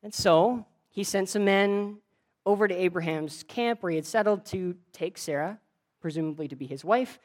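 A woman preaching a sermon in a relaxed, conversational way, retelling a story with frequent restarts. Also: fairly low pitch, moderate pace. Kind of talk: casual sermon.

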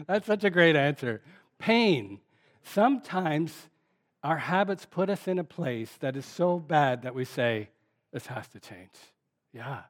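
A male pastor giving an interactive sermon, repeating the congregation's answers and talking conversationally with frequent fillers. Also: on the high side. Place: church sanctuary.

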